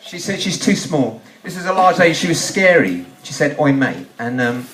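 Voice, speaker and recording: A man's voice: fairly high pitch, animated, normal speed, a bit bright, a little hiss or hum. A man performing rambling, self-mocking stand-up comedy on a club stage. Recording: echoey club, mic from far off.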